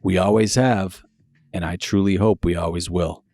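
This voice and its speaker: Low-voiced podcast host, dry close sound. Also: male voice, fairly even intonation, normal speed, dark tone, no room sound, faint music behind. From Maine. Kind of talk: scripted intro and interview chat.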